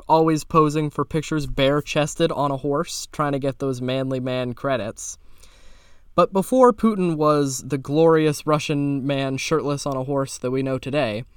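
A man's voice: smooth, no echo. Irreverent male podcast host, dry sound. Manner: irreverent, sarcastic, swears casually; animated pitch jumps for emphasis. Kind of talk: improvised casual storytelling.

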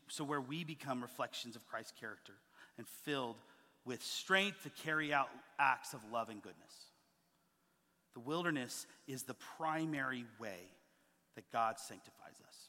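A man in his thirties preaching a sermon as a pastor, telling stories with lively acted-out quotes. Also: medium pitch, in a large hall. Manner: animated storytelling, acting out quoted voices. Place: church sanctuary.

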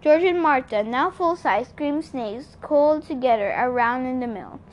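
A woman's voice: high-pitched, lively intonation, normal speed. A woman reading a novel aloud in a plain storytelling manner. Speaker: audiobook reader.

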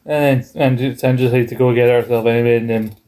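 A man's voice: medium pitch, fast talker. Man animatedly recapping a sitcom. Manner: animated, reads out scene quotes in put-on voices. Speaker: podcast co-host. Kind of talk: casual chat recapping a sitcom episode.

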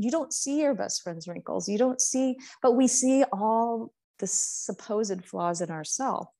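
A woman who founded a portrait art business, telling her story in a casual, earnest, heartfelt way and slowing down to stress words. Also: medium pitch, warm tone.

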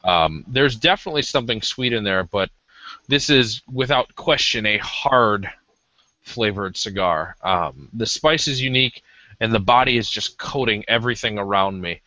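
Bright-voiced man chatting about cigars. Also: fairly low pitch, moderate pace, no room sound. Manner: rambling, hesitant with many ums. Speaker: podcast co-host. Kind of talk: casual cigar review chat. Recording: dull lo-fi audio.

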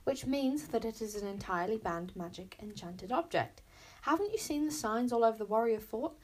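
A woman's voice: on the high side, animated, brisk, a little mellow, slight background noise, natural voice. A woman doing a fussy rule-bound boy bodyguard. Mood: indignant. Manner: fussy, indignant, lecturing. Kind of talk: storybook read-aloud.

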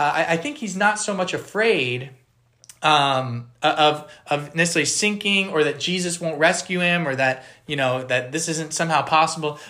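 A man's voice: fairly high pitch, bright, forceful tone. A man giving a conversational Bible teaching on a podcast, earnest and explanatory, stopping to put questions to his listeners. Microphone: podcast microphone.

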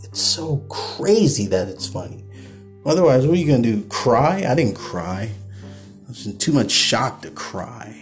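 Animated man ranting on a podcast. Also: mid-range voice, a little slow, faint music behind. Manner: animated, repetitive, laughs at himself. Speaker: podcast host. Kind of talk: late-night podcast rant.

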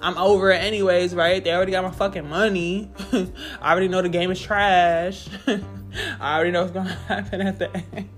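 Low-voiced woman ranting with profane exasperation. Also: little pitch movement, quick pace, soft background music. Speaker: gamer reviewing a video game. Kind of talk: casual ranting vlog.

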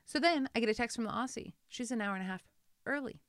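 A woman hairstylist telling her story in a casual interview, animated and acting out what people said. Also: on the high side, quick pace, dry recording, studio quality. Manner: animated, acts out quotes, laughs often. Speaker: guest, hairstylist.

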